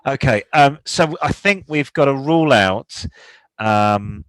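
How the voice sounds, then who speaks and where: A man's voice: mid-range voice, expressive, slow, a bit bright, clean tone, no echo, rough recording. A British man co-hosting a podcast, chatting casually and rambling through a listener's car problems. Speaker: podcast co-host. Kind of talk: casual car-advice chat.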